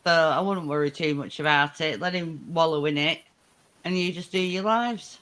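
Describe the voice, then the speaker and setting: A woman's voice: low voice, normal speed, a bit bright. A woman in her fifties with a Lancashire accent chats as a guest on a livestream. She laughs often and swears freely. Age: 50s. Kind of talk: casual chat.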